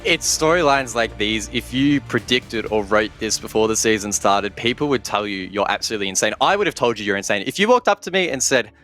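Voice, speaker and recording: A man's voice: lowish voice, brisk, hardly any pauses, a bit bright, faint music behind. A man giving analytical colour commentary on an esports match. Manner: analytical, then incredulous. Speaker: esports caster.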